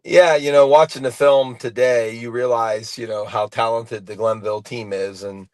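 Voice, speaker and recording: A man, a high school football coach, talking plainly in an interview while he walks. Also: steady tone, normal speed, darkish tone, no echo. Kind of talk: phone-in interview.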